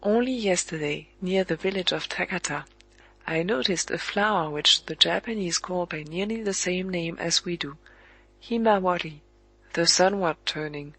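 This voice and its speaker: An audiobook narrator reading a literary story in a measured, evenly paced way with pauses at the commas. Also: medium pitch, bright, forceful tone, dry recording, rough recording.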